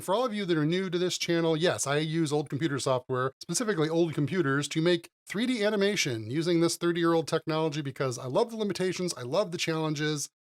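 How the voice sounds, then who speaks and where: A middle-aged man hosting a retro computer graphics channel, talking viewers through a software tutorial in an enthusiastic, chatty way. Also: on the high side. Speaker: host of a retro 3D animation channel. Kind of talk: casual screen-recorded software tutorial.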